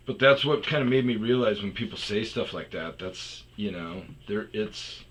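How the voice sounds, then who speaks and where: A man's voice: on the low side, normal speed, hardly any pauses, fairly bright tone, a little hiss or hum, rough recording. A man telling a rambling, profane personal story in a casual monologue, with many restarts and fillers. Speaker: storytelling podcaster.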